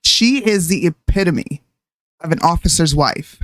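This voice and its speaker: A woman's voice: on the low side, animated, measured pace, dry recording. A woman co-hosting a casual political talk show, giving her opinions emphatically. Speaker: show co-host.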